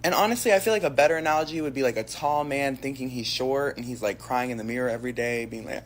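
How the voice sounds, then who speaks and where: A man's voice: mid-range voice, fast, hardly any pauses. A man giving a sassy, slangy monologue to camera, brash and full of profanity. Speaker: social media commentator.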